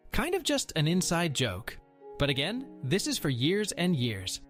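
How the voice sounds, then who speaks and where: A man's voice: fairly high pitch, huge pitch swings, moderate pace, a bit bright, faint music behind. A man narrating a Reddit post aloud in a wry, sardonic manner.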